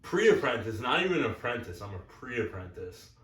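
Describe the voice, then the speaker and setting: A young man co-hosting a casual podcast tells crude stories, rambling and blunt. His medium-pitched voice swings widely in pitch at a normal speed with a fairly bright tone, picked up from far off in an echoey room.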